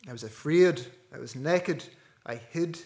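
A man preaching a sermon earnestly, dropping to a hush and rising to loud stresses. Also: a little high, a little slow. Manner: earnest, with wide swings between hushed and loud.

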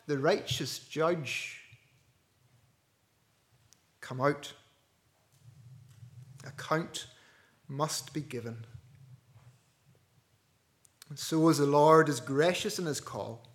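A man preaching a sermon earnestly, dropping to a hush and rising to loud stresses. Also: on the high side. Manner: earnest, with wide swings between hushed and loud.

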